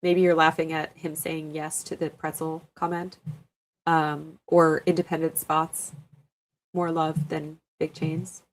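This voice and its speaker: A young woman hosting a livestream, chatting casually as she reads out viewer comments, laughing often and filling pauses with ums. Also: low voice, level tone. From New York State. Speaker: livestream host.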